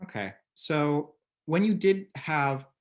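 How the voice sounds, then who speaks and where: A man's voice: on the high side, lively intonation, takes it slowly. A man hosts an interview with easy curiosity. He asks rambling questions and keeps the mood playful. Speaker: interviewer, host. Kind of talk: casual interview talk.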